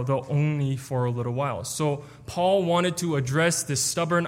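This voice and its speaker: A man delivers an earnest, explanatory sermon in a slightly raised voice, now and then tripping over his words. His voice carries a long reverb, as in a large church sanctuary. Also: on the high side. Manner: earnest, explanatory, with stumbles and restarts. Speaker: preacher. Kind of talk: expository sermon.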